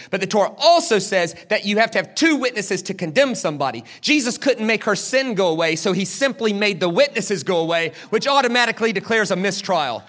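Animated high-voiced preacher man. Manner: animated, acts out the people in the story; asks the crowd questions, then answers them. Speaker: pastor. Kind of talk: sermon.

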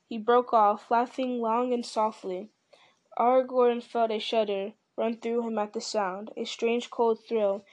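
Woman reading a fantasy novel out loud, kinda high voice, slow steady storytelling. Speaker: reader.

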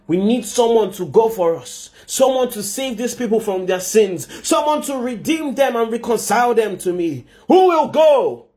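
A man's voice: sits high, expressive, moderate pace, darkish tone, slight background noise. A man voicing a flustered God who takes charge of a crisis. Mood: exasperated. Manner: exasperated, bossy. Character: flustered God calling a meeting.

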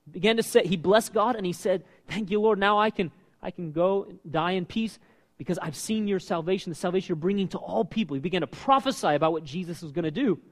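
A man preaching a sermon as pastor, animated and asking his listeners questions. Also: high voice, quick pace. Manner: animated, asks the congregation questions. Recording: long reverb of a hall.

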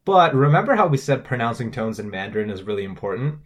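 A man's voice: medium pitch, sing-song, fast. A man co-hosting a scripted language-lesson podcast, carefully explaining pronunciation and tones. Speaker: podcast co-host.

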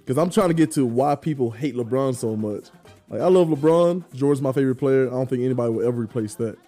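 Mellow man hosting a playful debate. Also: mid-range voice, quick pace, soft background music. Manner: teasing, playful, reads viewer comments. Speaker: podcast host reading chat. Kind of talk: casual sports debate.

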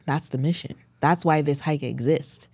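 A woman in her thirties co-hosting a podcast, telling stories with animated laughter in casual chat. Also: low voice, normal speed, husky, dry recording. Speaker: podcast co-host.

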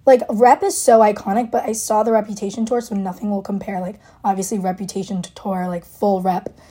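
A woman's voice: medium pitch, warm tone, slightly rough. A young woman hosting a podcast, gushing and rambling in casual fan chat, full of likes and ums. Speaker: podcast host.

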